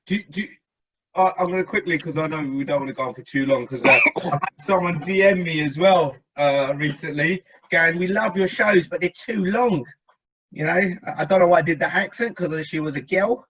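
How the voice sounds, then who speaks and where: A man's voice: on the high side, brisk, a bit bright, breathy edge, highs cut off. A man hosting a casual podcast discussion, talking in a rambling, chatty way and asking the others for their views. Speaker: podcast host.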